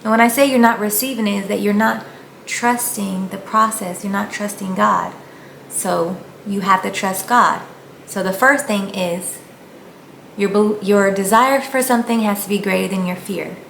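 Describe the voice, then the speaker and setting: A woman delivers a casual motivational talk, speaking to viewers in an earnest, encouraging way. Her voice carries a gravelly fry at mid pitch. The room is echoey, with faint background noise. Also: normal speed, a bit bright. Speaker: faith vlogger.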